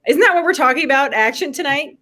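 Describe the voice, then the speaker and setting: Woman on a group call, playful quips, bouncy high voice. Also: expressive, fairly bright tone. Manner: playful, chiming in with quick quips. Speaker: participant on a training call. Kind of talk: casual group banter.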